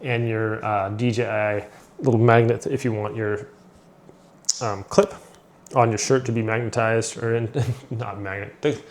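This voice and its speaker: A man's voice: fairly low pitch, fairly even intonation, unhurried. A man giving a casual product review to his viewers, upbeat and rambling, with lots of fillers and restarts. He is losing his voice a little. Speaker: tech reviewer.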